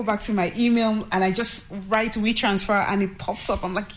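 A woman from Nigeria, a record executive, telling a story in an interview in an animated, chatty way with many fillers and quoted asides. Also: mid-range voice, normal speed, hardly any pauses.

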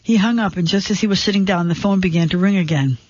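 A man with a high voice narrates a dark suspense story in measured, tense tones. The recording is dry and a little dull, with no room sound at all. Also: no room sound.

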